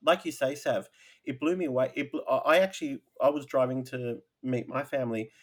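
A man's voice: mid-range voice, a little fast. Sincere man co-hosting a podcast. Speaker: podcast co-host. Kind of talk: casual chat.

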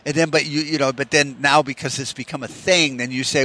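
Podcast host, man, bright edgy tone, rambling profane rant. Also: mid-range voice, fairly quick, hardly any pauses. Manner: profane, ranting, heavy use of "you know". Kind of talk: rambling solo monologue.

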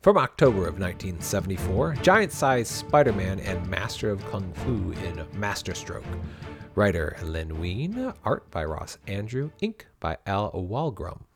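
A man co-hosting a casual podcast, recapping a story in an animated way and often laughing. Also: low-pitched, a little slow, soft background music. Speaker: podcast co-host. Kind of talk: casual comic book podcast chat.

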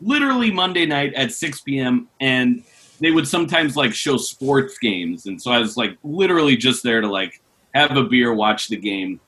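Lively, bright-voiced male podcaster. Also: mid-range voice, normal speed. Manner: animated, laughing storyteller. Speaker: podcast co-host. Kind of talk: casual storytelling.

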